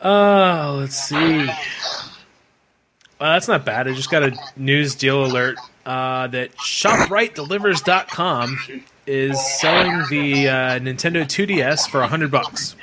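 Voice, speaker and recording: A man's voice: mid-range voice, slow. A man hosting a casual podcast chat, rambling and swearing casually. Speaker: podcast host. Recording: noisy podcast recording.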